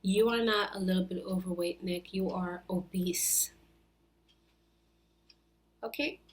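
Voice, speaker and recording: A woman's voice: fairly low pitch, fairly even intonation, takes it slowly. A woman in her twenties hosting a reaction video, scolding and exasperated as she rants. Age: 20s. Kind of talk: ranting reaction commentary.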